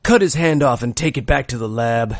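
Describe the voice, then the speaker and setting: A man's voice: mid-range voice, lively intonation, brisk, dry recording, voice pushed down, close to an everyday voice. A man voicing an impatient male villain boss in an improvised comedy skit, curt and dismissive. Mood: bossy.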